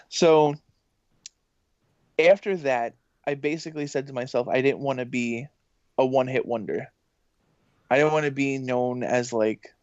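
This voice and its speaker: A man chatting as a podcast guest, speaking at a middling pitch. He rambles excitedly and piles up fillers. The recording is dull and dry. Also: no room sound. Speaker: podcast guest, professor and voice actor. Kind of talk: casual interview chat.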